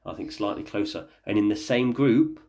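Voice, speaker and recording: A man's voice: lowish voice, normal speed, vocal fry, mellow. A man hosting a casual family podcast as the dad, chatty and jokey, leading the talk with questions.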